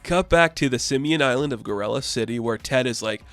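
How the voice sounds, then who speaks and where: A man giving a casual comic book recap, excited and rambling. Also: mid-range voice, a little fast, few pauses, no echo, faint music behind.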